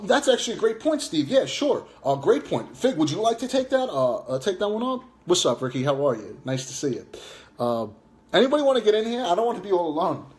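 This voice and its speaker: A man livestreaming a combative rant, reading chat aloud and taunting viewers, swearing and jeering as he goes. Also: a little high. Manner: swears and jeers.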